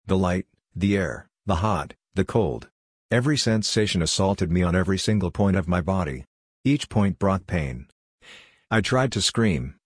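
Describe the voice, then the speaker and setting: Deep-voiced male story narrator. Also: dry recording, clean studio sound. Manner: measured, steady reading. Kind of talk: scripted first-person story narration.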